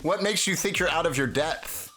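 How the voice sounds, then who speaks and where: A man hosting a live stream, teasing and excitably pushing a chatbot with requests. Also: fairly high pitch, moderate pace, faint music behind. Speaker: livestream host. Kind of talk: casual live-stream chat.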